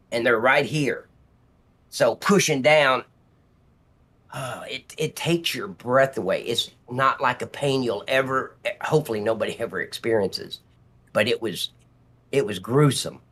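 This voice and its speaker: A police officer speaking as a guest on a live stream, telling a personal story in a vivid, blunt way with some swearing. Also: male voice, mid-range voice, a bit bright.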